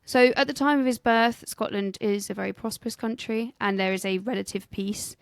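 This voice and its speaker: Chatty woman, smooth clear voice. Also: mid-range voice, fairly even intonation, brisk, dry recording. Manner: chatty, jokey, swears casually. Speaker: podcast co-host and researcher. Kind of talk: casual history podcast chat.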